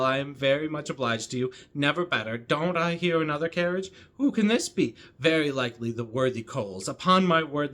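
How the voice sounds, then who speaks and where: A man's voice: mid-range voice, a bit bright, close to an everyday voice. A man reading aloud as a talkative middle-aged spinster who rambles breathlessly from one topic to the next. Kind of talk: reading a novel's dialogue aloud.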